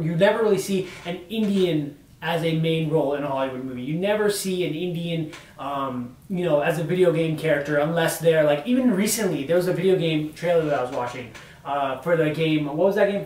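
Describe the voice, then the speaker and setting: Young male co-host, slightly high voice, earnest and filler-heavy, recorded from afar in an echoey room. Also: a little fast, a little mellow. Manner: earnest, building arguments with many fillers. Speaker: discussion co-host. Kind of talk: casual discussion on camera. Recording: roomy sound from a distant mic.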